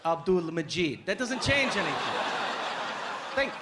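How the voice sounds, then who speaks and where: A man from the United States doing a stand-up comedy set with punchy, animated delivery and sudden shouts, on stage before a live audience. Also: high-pitched, a little slow. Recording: live show with loud crowd and noise.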